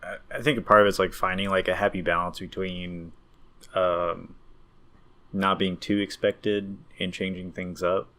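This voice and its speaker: A man with a very deep, low voice co-hosts a casual gaming podcast. He muses tentatively and hedges his points with plenty of ums. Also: level tone, a little slow, a bit bright. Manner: easygoing, tentative, frequent ums and likes. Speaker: podcast co-host. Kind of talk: casual chat about tabletop games.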